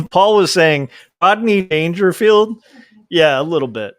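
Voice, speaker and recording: A chatty man talks casually while he draws comics on a livestream. His voice sits a little high for a man, and the dry, close sound carries almost no room echo. He rambles, chuckles, and reads viewer comments aloud as he goes. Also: lively intonation, measured pace. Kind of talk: casual chat while drawing.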